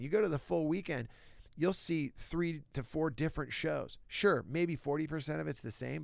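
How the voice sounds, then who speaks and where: A middle-aged man with a gravelly, fry-tinged voice tells anecdotes as a stand-up comedian and guest on a casual interview. He talks in a loose, animated way and keeps acting out what other people said. The recording is dry and close, with no room sound. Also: mid-range voice, no echo. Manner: lively anecdotes, acts out other people's lines.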